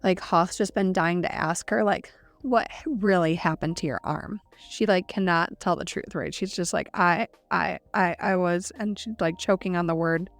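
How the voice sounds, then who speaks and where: Her voice is on the low side and steady, moving at normal speed in a recording without echo. She co-hosts a podcast, casually going over a novel's scenes, full of "like" and voicing the characters' lines.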